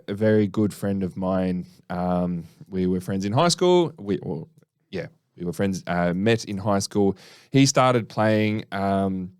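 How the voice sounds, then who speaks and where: Chatty Australian man with a low voice. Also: smooth, no room sound, studio quality. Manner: chatty, joking, answers listener questions. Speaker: podcast co-host. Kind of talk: casual podcast chat.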